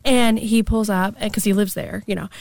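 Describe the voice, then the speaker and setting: A woman's voice: medium pitch, fairly even intonation, normal speed, creaky, a little mellow, no room sound. A woman telling a personal story in casual chat, acting out quotes and sometimes dropping to a whisper.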